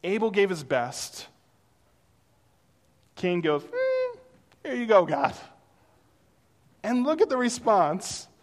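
A man preaching a sermon in a conversational way, telling personal stories and acting out the people in them. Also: high voice. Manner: conversational, animated storytelling with acted-out quotes. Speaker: pastor. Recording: long reverb of a hall.

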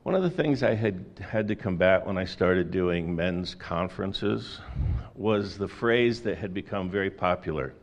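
A man's voice: low-pitched, unhurried. A middle-aged man preaching a sermon in a conversational way, with folksy asides and rhetorical questions. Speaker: pastor.

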